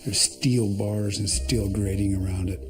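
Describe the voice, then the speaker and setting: A man's voice: on the low side, fairly even intonation, a little slow. A man giving documentary testimony, telling his survival story in a plain-spoken way with restarts.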